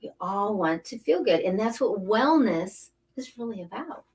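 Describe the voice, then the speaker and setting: A woman's voice: medium pitch, animated, normal speed, a little mellow. A middle-aged woman, a spiritual coach, talking casually and emphatically, wandering between thoughts and repeating phrases for emphasis. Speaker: spiritual coach and angel card reader. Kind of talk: casual inspirational talk. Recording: voice a bit distant from the mic.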